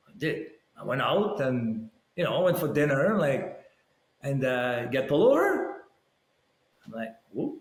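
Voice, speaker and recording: A man's voice: medium pitch, unhurried. A man from Montreal with a French Canadian accent, a podcast guest telling stories in a casual chat and acting out the quoted dialogue. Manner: animated, acts out quoted dialogue. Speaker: podcast guest, former hockey player. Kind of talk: casual storytelling. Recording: roomy echo.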